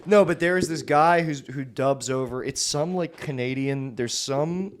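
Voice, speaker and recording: Male podcast co-host, mid pitch, animated and musing, casual banter. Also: measured pace. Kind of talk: casual chat.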